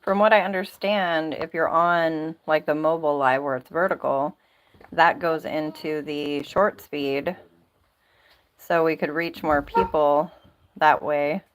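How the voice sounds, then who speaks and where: A woman's voice: low-pitched, steady tone, unhurried, rough recording. A woman hosting a casual livestream, chatty and rambling, laughing often, talking into a phone or laptop mic. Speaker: livestream host.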